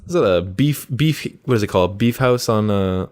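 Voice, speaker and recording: A man's voice: fairly low pitch, expressive, moderate pace, a little mellow, a little hiss or hum. A man about twenty, co-hosting a podcast, reacting with short remarks and playful questions. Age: young adult. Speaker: podcast co-host. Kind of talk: casual chat.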